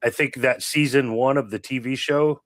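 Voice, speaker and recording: A man chatting casually as a guest, relaxed and easygoing. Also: medium pitch, moderate pace, no room sound. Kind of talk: casual chat.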